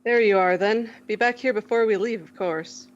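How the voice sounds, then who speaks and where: A woman's voice: medium pitch, moderate pace, muffled recording, close to an everyday voice. A woman voicing a male train conductor with a dry, wry way of talking.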